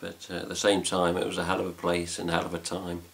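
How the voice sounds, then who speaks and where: A man's voice: deep voice, completely flat delivery, fast talker, creaky. A man with an English accent chatting casually to camera about a trip, rambling with fillers and mild swearing. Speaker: fan site vlogger. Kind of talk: casual chat.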